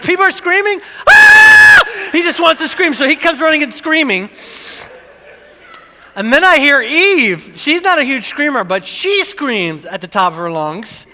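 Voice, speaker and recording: A middle-aged man preaching a sermon, telling a family story with lively, animated delivery and acted-out screams. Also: sits high, big-room sound. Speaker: pastor.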